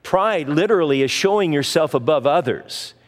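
A man's voice: a little high, expressive, moderate pace. Man preaching in a reverberant hall. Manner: conversational preaching with personal anecdotes and restarts. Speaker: pastor. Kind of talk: sermon.

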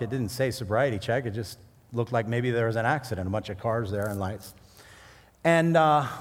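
A man preaching a sermon, mixing scripture with animated personal stories and jokes. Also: mid-range voice. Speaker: pastor. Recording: long hall reverb.

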